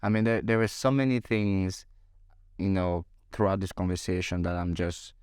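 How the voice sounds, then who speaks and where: A man with a low, deep voice hosts an interview. He thinks aloud and searches for his words. The sound is close and dry. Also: fairly even intonation, normal speed, darkish tone, smooth, dry recording. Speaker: interview host. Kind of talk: reflective interview talk.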